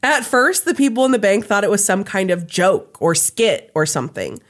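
A woman's voice: medium pitch, expressive, moderate pace. A woman hosting a podcast, reading a story aloud in a casual chat style and breaking off for laughs and asides. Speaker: podcast host.

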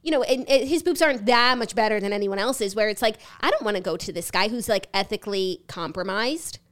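Quick-talking woman cohost recapping stuff, rattles along. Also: mid-range voice, expressive. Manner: fast, retells scenes with quoted voices. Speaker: podcast co-host. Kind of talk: casual chat.

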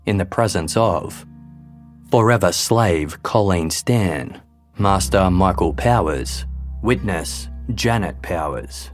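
A man reading a scripted true-crime narration in a measured, grave way. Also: sits low. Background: faint background music.

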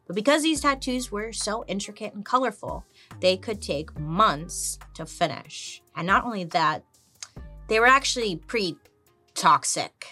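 A woman's voice: mid-range voice, expressive, unhurried, bright, forceful tone, soft background music. A woman in her thirties hosting a history podcast, chatty and irreverent, swearing casually as she tells the stories. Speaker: podcast host.

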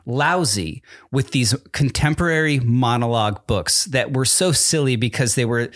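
A man's voice: mid-range voice, normal speed, fairly bright tone, dry recording. Rambling man with a dry, close sound. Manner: rambling, filler-heavy. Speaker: actor. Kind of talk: casual chat.

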